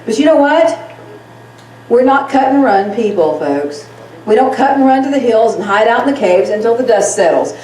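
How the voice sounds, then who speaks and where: A woman's voice: a little high, animated, moderate pace, dark tone. A woman giving a folksy, fired-up political rally speech, laughing often as she talks. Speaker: rally speaker. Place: rally crowd event. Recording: echoey sound from far off.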